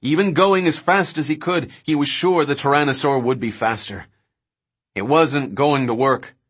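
A man narrating an audiobook in a steady, dramatic reading. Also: on the high side, normal speed, slightly rough. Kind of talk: scripted narration.

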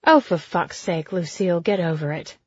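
A woman voicing a brash, blunt aristocratic lady who teases loudly and bawdily. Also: a little high, big pitch swings, normal speed, husky, no echo, lo-fi sound, pitched above the performer's own voice. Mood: dismissive. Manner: loud, cheeky and bawdy. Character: brash posh older woman, teasing and blunt.

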